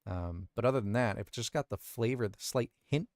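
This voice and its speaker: A man's voice: medium pitch, a little fast, darkish tone, dry recording, studio quality. A male voice actor chatting casually on a livestream, explaining his editing and thinking aloud from his recording booth. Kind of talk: casual livestream chat about audio editing.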